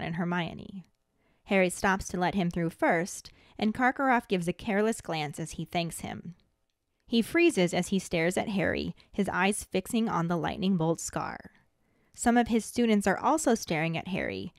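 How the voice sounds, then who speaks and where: Woman host reading a chapter recap, even and steady, dry close sound. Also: medium pitch, dry recording. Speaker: podcast host. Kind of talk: scripted narration of a book recap.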